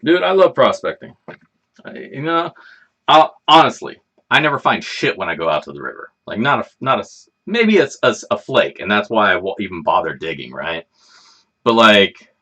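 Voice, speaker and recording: Low-voiced, laid-back man rambling casually. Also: bright, forceful tone. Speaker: livestream host. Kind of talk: casual livestream chat.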